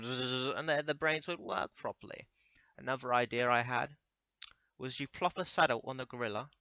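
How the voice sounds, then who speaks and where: A man's voice: mid-range voice, bright, forceful tone, dry recording. A young man rambling through a crude comedic monologue, stammering and restarting often.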